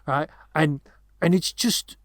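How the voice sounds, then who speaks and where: A man's voice: a little high, slow, a bit bright, dry recording, studio quality. A man co-hosting a podcast, chatting casually about a film, rambling with many restarts and asides. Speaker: podcast co-host.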